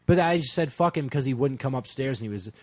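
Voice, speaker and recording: A man's voice: medium pitch, lively intonation, fast, darkish tone. A man hosting a comedy podcast, telling crude, rambling anecdotes full of profanity and fillers.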